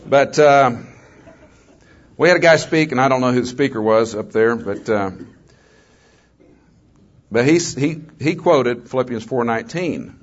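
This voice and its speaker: An older man speaks to a gathered audience in a folksy, conversational testimony, slipping in joking asides between stories. His voice sits at an ordinary male pitch, and the recording sounds a bit dull and lo-fi. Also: animated, unhurried, pauses often. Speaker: guest speaker, former mayor. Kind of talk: storytelling testimony talk to an audience.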